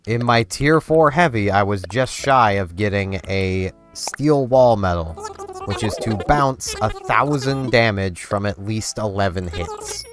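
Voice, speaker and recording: A man with a lowish voice chats loosely over his gameplay, drifting from point to point with plenty of likes and fillers. Game music plays steadily behind him. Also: animated, measured pace. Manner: rambling, loose, filler-heavy. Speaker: gaming channel host. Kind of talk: casual gameplay rambling.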